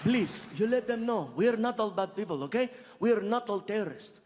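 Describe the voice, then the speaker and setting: A man's voice: high-pitched, lively intonation, moderate pace, darkish tone, slight background noise. A comedian voicing an emotional Saudi man with a Middle Eastern accent who pleads earnestly in broken English. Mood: pleading. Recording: long reverb of live venue.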